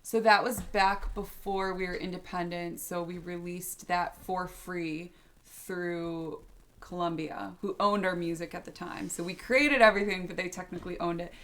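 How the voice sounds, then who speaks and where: A woman's voice: lowish voice, fairly even intonation, moderate pace, a bit bright. A woman hosting a casual livestream Q&A, chatty, with lots of fillers, reading fan comments aloud. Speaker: band member hosting a fan Q&A stream.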